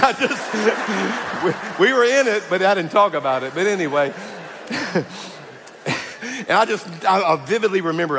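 A man, preaching a sermon as pastor, telling stories that move from loud and animated to hushed and tender. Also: on the high side. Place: large church hall. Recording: long hall reverb with faint music.

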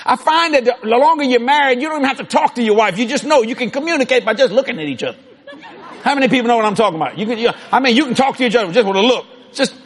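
A preacher delivers a rousing sermon in a strikingly high, husky voice. He shouts his points, boasts with a laugh, and keeps the energy up the whole way through.

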